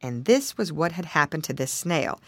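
A woman narrating a children's storybook in a playful, expressive manner. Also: low-pitched, moderate pace, no echo. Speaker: audiobook reader.

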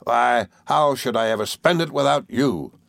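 A man voicing a hearty, jovial old fisherman with a broad rustic dialect and booming laughs. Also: normal speed, gravelly, no room sound, studio quality, close to an everyday voice.

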